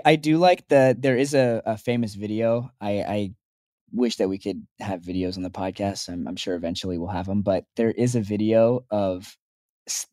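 A man's voice: on the low side, darkish tone, no echo. Teasing young man co-host, dry sound. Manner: teasing, rambling storytelling. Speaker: podcast co-host. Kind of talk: casual chat.

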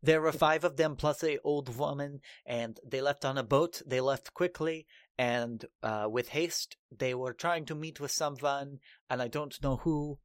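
A man's voice: medium pitch, dry recording, studio quality. A man running a tabletop game as game master, narrating loosely with frequent fillers and restarts. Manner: relaxed, hesitant narration with fillers.

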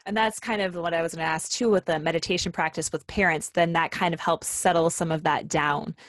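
A woman hosting a podcast interview who asks questions softly and reflects on her twenties. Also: fairly low pitch, fairly even intonation, fairly quick, no room sound, studio quality. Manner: soft agreeing interjections. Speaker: podcast host.

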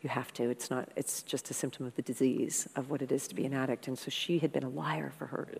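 A woman guest in an interview, telling stories in a frank, animated, conversational way and swearing freely. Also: rumbling low, quick pace, vocal fry, husky. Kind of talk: candid conversational storytelling. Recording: long hall reverb.

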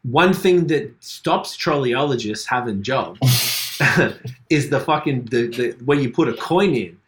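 A man's voice: mid-range voice, animated, unhurried, a little hiss or hum. Swearing Australian man, casual podcast chat. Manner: laid-back, swears a lot, laughs often. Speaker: podcast co-host.

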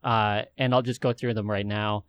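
A man's voice: on the low side, little pitch movement, normal speed, fairly bright tone, smooth, no echo. A man co-hosting a casual sports podcast, listing player facts in a matter-of-fact way. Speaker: podcast co-host.

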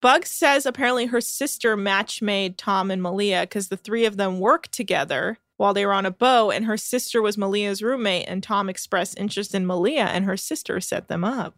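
A woman recapping a reality show in chatty, sarcastic storytelling. Her voice sits at an ordinary pitch for a woman. It is recorded close and dry, with no room sound. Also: normal speed, hardly any pauses, fairly bright tone, no echo. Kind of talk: casual recap chat.

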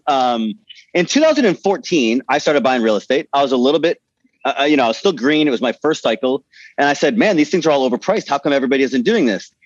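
Male podcast co-host, husky and animated, earnest long questions, dry lo-fi sound. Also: mid-range voice, no room sound. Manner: earnest, talks through his reasoning at length. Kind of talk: casual interview questions. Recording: dry, dull lo-fi audio.

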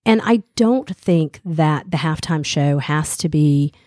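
A middle-aged Southern woman chatting on air with a co-host, her voice sitting on the low side for a woman. She talks in a loose, animated way, full of "you know" and restarts. The sound is close and dry, with no room around it. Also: takes it slowly, no echo. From American South. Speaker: radio co-host. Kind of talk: casual chat.

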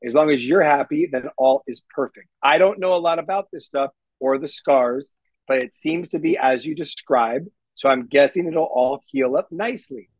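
A man's voice: on the high side, no room sound, poor audio. A man co-hosting a podcast in casual chat, protesting and laying out his points one by one. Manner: protesting, deliberate, lists points. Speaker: podcast co-host.

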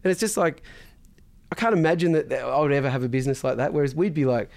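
Fast-talking blunt man. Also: medium pitch, vocal fry. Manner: blunt, swears freely, animated storytelling. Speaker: podcast guest, business founder. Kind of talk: casual interview chat.

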